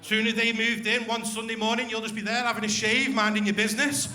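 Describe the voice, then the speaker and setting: A man's voice: high-pitched, level tone, fast talker, sharp tone. A young man doing a crude, swearing stand-up routine with crowd work on a comedy club stage. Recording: echoey club room.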